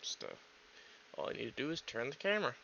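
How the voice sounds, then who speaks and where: Bright, rambling man streaming a game. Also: mid-range voice, animated, fast, vocal fry, lo-fi sound, a little hiss or hum. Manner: rambling, swears often. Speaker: streamer, VTuber. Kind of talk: casual game stream chat.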